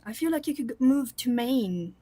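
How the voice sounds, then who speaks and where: A woman host chatting casually with her viewers on a livestream, rambling warmly with many fillers and little laughs. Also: sits high, animated, normal speed, breathy edge, no room sound. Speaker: coloring channel host.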